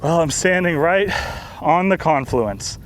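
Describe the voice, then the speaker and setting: A man's voice: fairly high pitch, lively intonation, a little slow, a little hiss or hum. A man vlogging casually outdoors beside a river. He speaks plainly and often repeats himself. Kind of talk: casual outdoor travel vlog.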